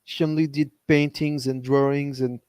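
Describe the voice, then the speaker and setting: A man's voice: a little high, little pitch movement, moderate pace, darkish tone, dry recording, natural voice. A man doing a tired, rambling guy on the phone. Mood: sleepy, apologetic. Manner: hesitant, rambling, full of likes and trailing words. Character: tired young adult male contact on a phone call. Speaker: game master.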